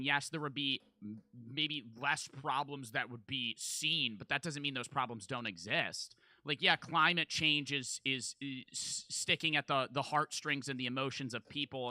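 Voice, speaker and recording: A man's voice: medium pitch, sharp tone, dry recording, studio quality. A man streaming live, reacting to a video with casual, profane, argumentative commentary full of filler words.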